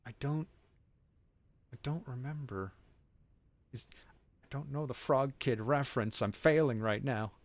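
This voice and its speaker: A man's voice: medium pitch, measured pace, pauses often, no echo. A man hosting a game livestream, chatting loosely and reacting to his chat as he plays. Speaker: livestream host. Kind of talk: casual chat while playing a game.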